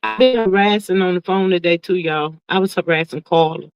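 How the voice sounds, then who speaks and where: A woman hosting a casual livestream, reading viewer comments aloud and reacting in a sassy, drawn-out way, calling everyone "child" and "honey". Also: fairly low pitch, smooth, no echo, soft background music. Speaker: livestream host. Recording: dull, lo-fi, dry sound.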